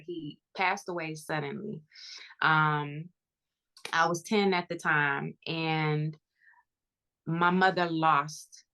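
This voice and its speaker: A woman's voice: sits low, pushed and bright. A woman guest on a podcast, talking earnestly and reflectively about her family.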